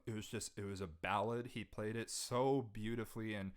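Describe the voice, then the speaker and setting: A man's voice: on the low side, steady tone, normal speed, smooth. A young man, a podcast guest, earnestly telling an emotional personal story in casual conversation, restarting his sentences often as he goes. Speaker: podcast guest, jazz saxophonist.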